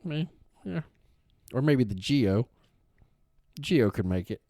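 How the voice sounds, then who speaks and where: A man's voice: fairly low pitch, takes it slowly, no echo, studio quality. A man, co-hosting a podcast and telling a long rambling story with lots of swearing. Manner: rambling, profane, animated storyteller. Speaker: podcast co-host. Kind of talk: casual storytelling chat.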